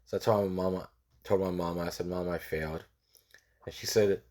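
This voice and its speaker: A man's voice: deep voice, fairly quick, a little mellow. A man in his forties from California telling a personal story in a casual way, repeating phrases and acting out the people he quotes. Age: 40s.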